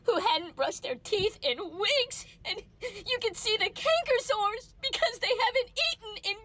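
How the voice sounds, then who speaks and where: A woman's voice: very high-pitched, animated, unhurried, fairly bright tone, exaggerated voice. A woman playing a young congresswoman in a parody, fake-crying and giggling as she testifies. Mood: fake-tearful. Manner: sobs and giggles, breaking into laughter mid-sentence. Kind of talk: parody dub impression.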